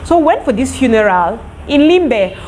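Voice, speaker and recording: A young Cameroonian woman tells a casual storytime straight to her viewers, lively and animated. Her voice sits a bit high. A faint hum of ambience runs underneath. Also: normal speed. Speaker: vlogger.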